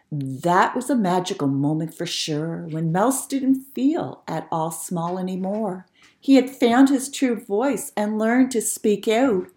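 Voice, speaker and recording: A woman reading a rhyming storybook aloud in an expressive, playful way. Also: medium pitch, takes it slowly.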